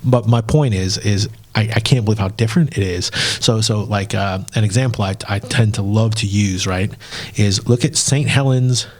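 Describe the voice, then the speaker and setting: A man's voice: fairly low pitch, moderate pace, few pauses. Rambling male podcast host. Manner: rambling, many fillers and restarts. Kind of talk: casual chat.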